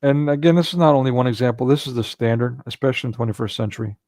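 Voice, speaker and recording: A man's voice: mid-range voice, fairly even intonation, racing, a little mellow, no room sound. A man hosting a casual livestream commentary, talking in a rambling way with frequent restarts and filler words. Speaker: livestream host.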